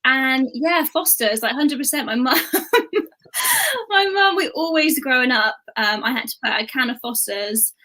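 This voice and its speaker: A woman's voice: sits high, big pitch swings, unhurried, sharp tone. A woman comedian with a Bristolian accent, chatting as a guest over a video call, laughing often and using casual slang. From England. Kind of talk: casual chat show interview.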